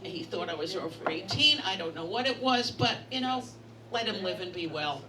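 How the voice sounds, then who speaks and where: This Brooklyn comic tells brash, bawdy stories with punchlines at a bistro bar's comedy night. She speaks a little fast at medium pitch with lively intonation, and the recording sounds echoey and distant amid bar noise.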